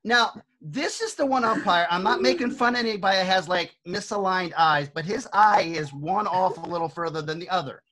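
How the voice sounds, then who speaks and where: A man working as an on-field emcee, telling a story with lively energy and acting out the quotes. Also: high-pitched, brisk, hardly any pauses. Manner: lively, acts out quotes in shifting voices. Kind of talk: animated storytelling.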